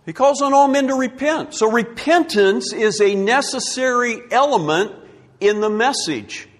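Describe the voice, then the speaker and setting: A man's voice: extremely high pitch, lively intonation, a little slow, in a large hall. A man preaching a sermon, emphatic and repeating his key words for effect.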